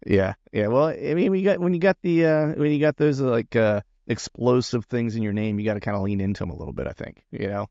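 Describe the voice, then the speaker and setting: A man's voice: mid-range voice, fast, few pauses, dark tone, no echo, lo-fi sound. A man hosting a podcast, talking in a rambling, chatty way with lots of restarts and fillers. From Pennsylvania. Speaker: podcast host. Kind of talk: casual interview chat.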